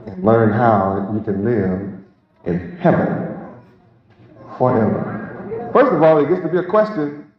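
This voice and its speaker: A mid-range male voice delivers a sermon unhurriedly, leaving long pauses as he repeats his points emphatically and asks the congregation rhetorical questions. The recording is lo-fi, with the echo of a large hall and noise from the crowd.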